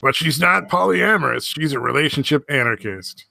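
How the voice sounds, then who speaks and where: A man's voice: on the high side, animated, normal speed, gravelly, bright, forceful tone, no echo. A man hosting a casual podcast chat, talking crudely and sarcastically with a lot of swearing and frequent laughs. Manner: profane, sarcastic, laughs often. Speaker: podcast host.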